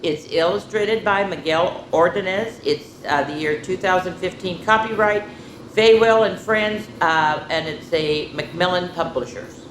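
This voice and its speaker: A woman's voice: on the low side, measured pace, slight background noise. A woman hosting a children's story time, talking in a cheerful, playful way straight to young listeners before reading a picture book aloud. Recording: roomy echo.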